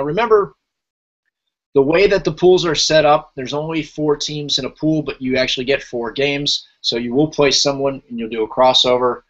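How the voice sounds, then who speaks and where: A man's voice: medium pitch, a bit bright. Podcast host, man, chatty, reads out team lists, dull lo-fi audio. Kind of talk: casual podcast chat.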